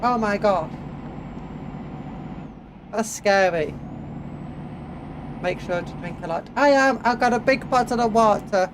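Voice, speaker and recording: A high, light-voiced man with an English accent talks casually through a gameplay stream, a little sniffly from hay fever. He chats to his viewers and hums bits of tune between remarks. The rumble of truck engines from the game sits clearly behind him. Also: slow, long pauses. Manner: chatty, reads chat aloud, hums little tunes while driving.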